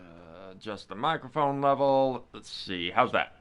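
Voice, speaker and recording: A man's voice: lowish voice, animated, measured pace, fairly bright tone, clean tone. A man giving casual gameplay commentary, chatting to his viewers and muttering at the game. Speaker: gamer streamer.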